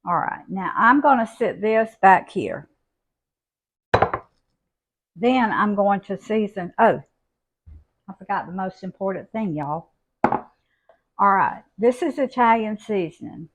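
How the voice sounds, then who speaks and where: An older woman, showing a home cooking recipe in a folksy, unhurried way from her kitchen. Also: mid-range voice, lively intonation, noisy background. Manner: folksy, unhurried, homey talk. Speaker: cooking channel host.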